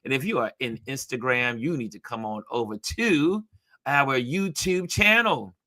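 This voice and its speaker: A man's voice: medium pitch, expressive, unhurried, sharp tone, no room sound, studio quality. A man hosting a live online show, chatting casually and reading out viewer comments, often repeating phrases for emphasis. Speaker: livestream show host.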